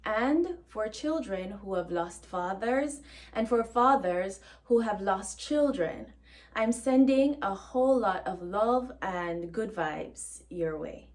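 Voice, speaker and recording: A woman with a Jamaican accent, from Jamaica, teaching a language lesson in a warm and clear way. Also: fairly high pitch, animated, takes it slowly.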